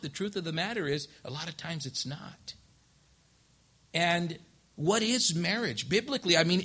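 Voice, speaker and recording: A male pastor preaching a lively sermon, acting out the couples he counsels and rising to loud emphasis. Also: high-pitched.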